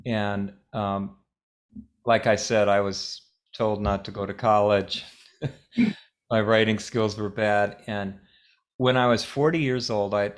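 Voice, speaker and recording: Low-voiced man speaking gently. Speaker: webinar speaker. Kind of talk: reflective talk and conversation.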